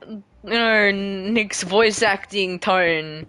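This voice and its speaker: A woman talks through her building session in casual gameplay commentary, her voice sitting a little low for a woman. She rambles and pokes fun at herself, and her sentences often trail off into quiet mumbles. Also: measured pace, a little hiss or hum. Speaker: gaming creator.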